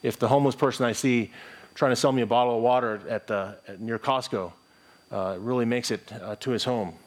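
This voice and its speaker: A man's voice: mid-range voice, fairly even intonation, fairly quick. A middle-aged pastor delivers a sermon in an earnest, conversational voice. He reads scripture aloud and restarts his phrases as he thinks aloud.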